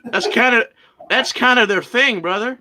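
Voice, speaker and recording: A man's voice: extremely high pitch, moderate pace, sharp tone. A man running a tabletop game, bantering bluntly and with exasperation during an online session. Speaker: game master. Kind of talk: casual banter between sessions.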